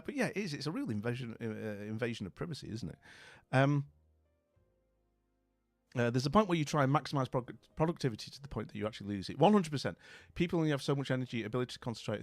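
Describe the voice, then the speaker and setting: A man's voice: medium pitch, no echo. Rambling, chatty streamer man. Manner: rambling, friendly, many fillers and restarts. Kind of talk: casual chat.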